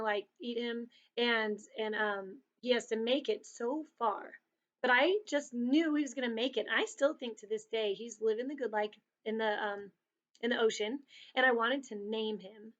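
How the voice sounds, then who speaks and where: A woman tells children a story in a casual, chatty way, with a slightly high voice. She is animated and acts out little voices when she quotes someone. The recording sounds dull and lo-fi.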